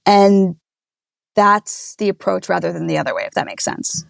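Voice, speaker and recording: Woman, podcast co-host, reflective, gravelly edge, dry sound. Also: medium pitch, fairly even intonation, normal speed, no echo. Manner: thoughtful, musing aloud.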